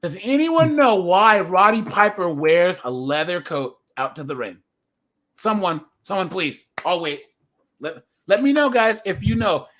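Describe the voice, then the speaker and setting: A man hosting a casual livestream chat, animated, laughing often and greeting viewers by name. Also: high voice, measured pace. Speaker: livestream host.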